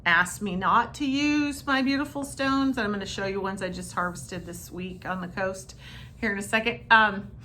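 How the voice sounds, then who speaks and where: A woman massage therapist telling a story to camera in a chatty, animated way, talking straight to her viewers. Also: medium pitch, normal speed, a little hiss or hum. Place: her treatment room.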